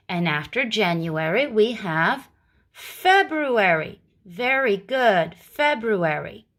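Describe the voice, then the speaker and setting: A woman teaching a phonics lesson to young children, speaking slowly and clearly and repeating words. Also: medium pitch, a bit bright.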